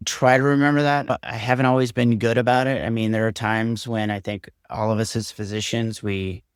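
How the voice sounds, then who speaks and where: A man, a surgeon, telling a candid story from his career in an earnest, measured way during a podcast interview. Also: mid-range voice, level tone, clear, resonant tone, no echo, clean studio sound. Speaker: surgeon guest.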